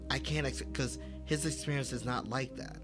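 Animated male podcast guest telling stories. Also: medium pitch, moderate pace, over music. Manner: animated, acts out quoted dialogue with fillers. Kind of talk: casual conversational storytelling.

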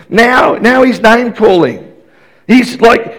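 A man's voice: very high voice, slow, a bit bright. A man in his fifties preaching a sermon in an emphatic, repetitive way, often restarting his sentences.

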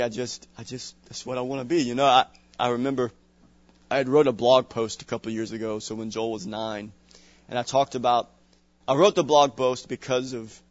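Conversational pastor from Louisiana, lo-fi. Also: male voice, mid-range voice, no room sound. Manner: conversational preaching with chuckles and restarts. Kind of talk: sermon. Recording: dull lo-fi sound.

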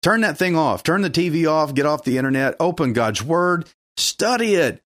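A man preaches a sermon in an urgent, emphatic, exhorting way, his voice on the high side with lively intonation and a fairly bright tone. He speaks at normal speed, and the clean studio sound has no room echo.

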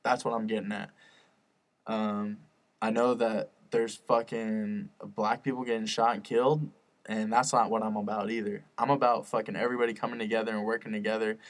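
A young man hosts his own podcast in a lowish, flat voice at normal speed. In this casual solo rant he rambles and swears often, earnest and fired up about spreading positivity.

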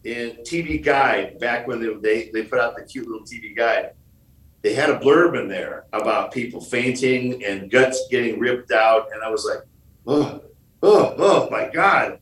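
A man's voice: medium pitch, far from the mic. Joking storyteller man, echoey off-mic sound. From Michigan, USA. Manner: jokey storyteller, plays out quoted lines. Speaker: guest. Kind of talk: podcast interview.

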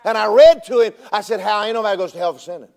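A man preaching a sermon as pastor, telling stories with animated delivery that rises to shouting at its peaks. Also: high-pitched, racing, gravelly.

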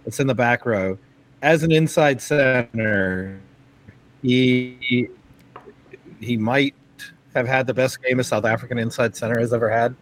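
A man co-hosts a casual sports podcast in an ordinary middle pitch, eager and enthusiastic yet stumbling through fillers and restarts as he builds his point. He speaks at a measured pace with frequent pauses, and the recording is rough.

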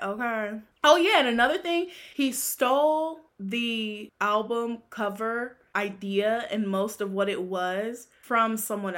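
A woman's voice: mid-range voice, fairly bright tone. A young woman hosting a casual gossip podcast, sassy and laughing often, trailing off in exasperation. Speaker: podcast host.

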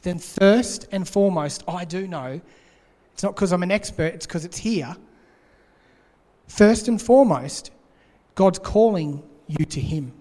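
A man's voice: sits high, unhurried, mellow. A man preaching a sermon in an earnest way, repeating his key points. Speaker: pastor. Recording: long hall reverb.

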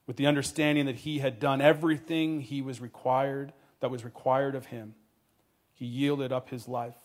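Man, preacher, sermon story, earnest, quiet at tender moments, medium pitch. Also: level tone, moderate pace.

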